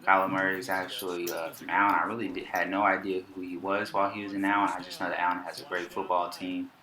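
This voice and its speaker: Laid-back Texan man with a deep voice. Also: little pitch movement, fast, sharp tone. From Texas. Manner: laid-back, slangy, trash-talking. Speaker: gaming YouTuber. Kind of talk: casual game commentary. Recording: roomy with game crowd noise behind.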